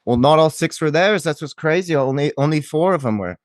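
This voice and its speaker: A man's voice: on the high side, animated, brisk, no echo, clean studio sound, close to an everyday voice. A man voicing a shocked, foul-mouthed neighbor witness, rambling and repeating himself. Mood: shaken. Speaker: podcast co-host. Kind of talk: improvised comedy sketch.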